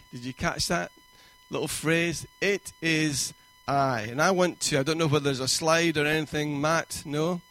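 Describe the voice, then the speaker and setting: A man preaches a sermon in a church, his fairly high voice moving at a warm, conversational pace. He slips in quoted asides and lets his emphasis rise as he goes.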